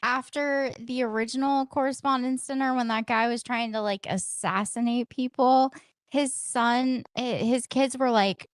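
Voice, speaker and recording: A woman co-hosting a podcast tells a story at an unhurried pace, leaning on casual "like" fillers. Her voice is recorded close and dry, with a slightly higher pitch than most women. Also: clear, resonant tone, no room sound. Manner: chatty storyteller, many "like" fillers. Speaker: podcast co-host. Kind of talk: casual chat.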